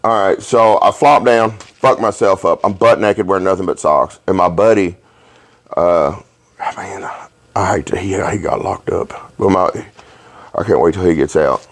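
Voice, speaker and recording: A man hosting a podcast, telling rowdy stories in a profane, animated way and laughing along. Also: low-pitched, moderate pace. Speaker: podcast host. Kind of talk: casual storytelling chat.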